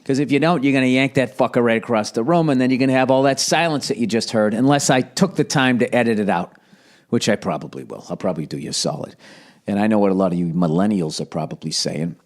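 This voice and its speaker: A man's voice: medium pitch, fast. A middle-aged man hosting a solo comedy podcast, profane and ranting, with a cough, recorded in an echoey home office. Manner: profane, ranting, jumps into mocking put-on voices. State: has a cough. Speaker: podcast host. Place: home office with some echo. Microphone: studio headphones and recorder.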